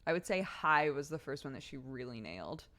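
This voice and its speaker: A woman's voice: rumbling low, very animated, a little fast, a bit bright. A young woman streamer chatting casually with her viewers, giggly and rambling as she tells stories. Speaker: streamer host reading chat.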